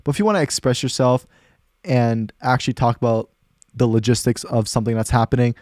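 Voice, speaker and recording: A man's voice: medium pitch, fairly quick, no room sound, clean studio sound. A young man hosting a casual podcast chat, telling stories and acting out what people said. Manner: animated storyteller, acts out quotes. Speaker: podcast host.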